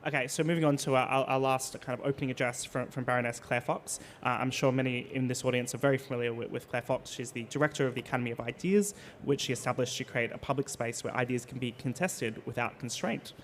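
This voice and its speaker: A man moderates a conference panel, talking at a brisk clip. He often restarts his sentences. A faint hiss sits behind his voice. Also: medium pitch, fairly even intonation. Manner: quick, conversational, with frequent restarts. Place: conference venue.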